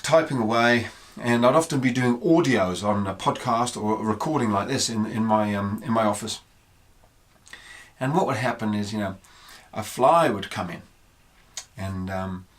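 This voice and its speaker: A man's voice: medium pitch, fairly bright tone. Guy chatting on his podcast about his dogs, easygoing, tells stories, medium voice. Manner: conversational, anecdotal, acts out quotes. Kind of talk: podcast monologue, storytelling.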